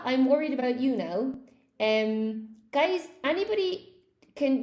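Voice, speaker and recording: Woman teacher, live-stream lesson; chatty, thinks aloud, answers chat; slightly high voice, roomy echo. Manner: chatty, thinks aloud, repeats thanks warmly to viewers. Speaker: English teacher.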